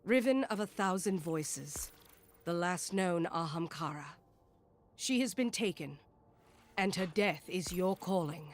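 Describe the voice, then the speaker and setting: A voice actor giving solemn, measured scripted narration for a video game cutscene. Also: mid-range voice, animated.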